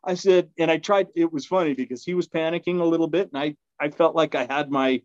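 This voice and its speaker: A man's voice: quick pace, no room sound. A man telling a story in a casual, rambling way, with fillers, restarts and frequent laughs. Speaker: podcast guest. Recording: dull, dry low-fidelity sound.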